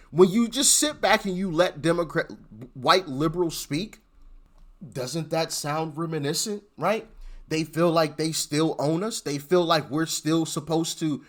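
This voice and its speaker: A man hosting political commentary, speaking emphatically and often stuttering over repeated words. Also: fairly high pitch. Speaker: host.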